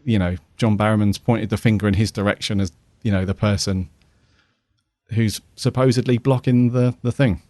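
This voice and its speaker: A man's voice: fairly low pitch, steady tone, normal speed, dark tone, dry recording. A man hosting a podcast, talking casually with lots of hesitation and restarts. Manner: hesitant, many ums and restarts. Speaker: podcast host.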